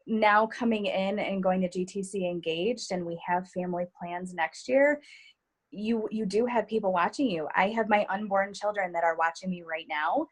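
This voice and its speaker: A woman's voice: medium pitch, moderate pace. A woman enthusiastically sharing motivational takeaways in a casual way, filling her talk with "like" and "you know". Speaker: team member sharing takeaways.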